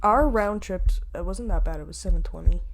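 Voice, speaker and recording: Young woman, from Canada, podcast co-host, casual chat, chatty, quick laughs. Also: lowish voice, soft background music. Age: young adult.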